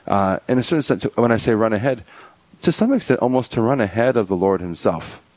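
Low-voiced man hosting a faith show. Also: expressive, fairly quick, darkish tone, no room sound. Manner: rambling, many restarts and fillers. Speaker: podcast host. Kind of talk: prayer and casual discussion.

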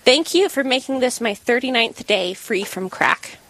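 A woman co-hosting a talk radio show, telling a story in a casual, animated way and acting out the quotes with laughs. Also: on the high side, moderate pace. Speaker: radio co-host.

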